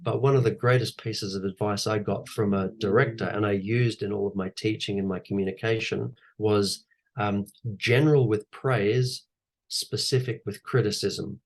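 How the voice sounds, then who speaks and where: Animated man giving advice. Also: fairly low pitch, moderate pace. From Australia. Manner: animated storyteller who repeats key phrases. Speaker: guest speaker, actor and teacher. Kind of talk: conversational coaching talk.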